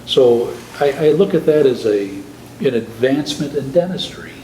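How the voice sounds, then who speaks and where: An older man speaks at a middle pitch, thoughtful and halting, often restarting his sentences. The recording carries a roomy echo with a faint hiss behind it. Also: expressive, mellow. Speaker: guest prosthodontist. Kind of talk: conversational interview.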